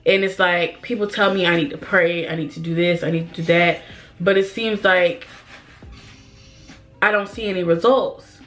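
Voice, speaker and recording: A young woman vlogging while doing her makeup, holding back tears and talking in a halting, repetitive way. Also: on the low side, fairly even intonation, a bit bright, faint music behind. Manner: halting, emotional, repeats herself, sighs. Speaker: beauty vlogger. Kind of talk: get-ready-with-me chat.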